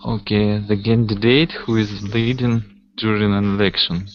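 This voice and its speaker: A man's voice: lowish voice, level tone, moderate pace, a little hiss or hum. A man student in an online English class, reading aloud hesitantly. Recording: dull lo-fi video call audio.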